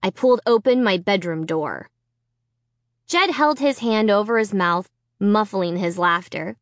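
Woman, audiobook narration, expressive, very slow, dry studio sound. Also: mid-range voice, dry recording. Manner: expressive, dramatic reading. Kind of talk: first-person story narration.

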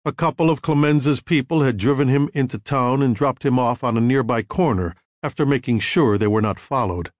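A man narrating a novel as an audiobook, in measured, expressive storytelling. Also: mid-range voice, no echo, clean studio sound. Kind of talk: scripted narration.

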